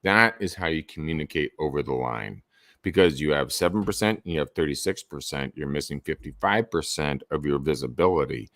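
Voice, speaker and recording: A man talks through cold-call advice in a low voice that swoops up and down with animated energy. The sound is dry, with no room around it. He coaches like a seasoned salesman. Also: a little fast, dry recording. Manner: animated, swings his voice up and down for emphasis. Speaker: real estate sales coach. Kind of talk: podcast guest advice.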